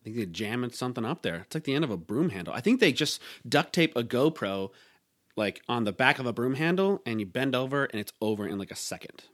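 A man's voice: medium pitch, lively intonation, quick pace, fairly bright tone. A man co-hosting a podcast, telling rambling funny stories in casual chat, full of fillers and laughter. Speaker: podcast co-host.

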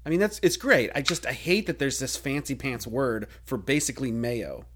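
A young man co-hosting a podcast in casual banter, animated, laughing often and leaning on fillers. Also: medium pitch, moderate pace, breathy edge. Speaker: podcast co-host.

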